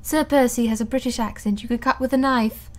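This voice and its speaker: A woman's voice: fairly high pitch, steady tone, fairly quick, natural voice. A woman reading the part of a merry, mocking young noblewoman with a teasing lilt.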